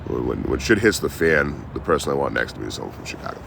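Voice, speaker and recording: A man's voice: a bass voice, sing-song, quick pace, creaky, background noise. A man chatting on a casual outdoor livestream, telling road stories in a profane, rambling, laid-back way. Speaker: traveling live streamer.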